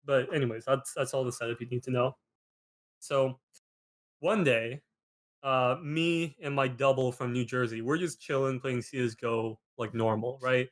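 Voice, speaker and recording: A young man hosting a podcast, spinning a story in a loose, rambling way with "like" in nearly every phrase. His voice sits at an ordinary middle pitch and he gets animated as the tale goes on. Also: normal speed. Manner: rambling, peppered with "like", animated retelling. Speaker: podcast host. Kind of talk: casual storytelling chat.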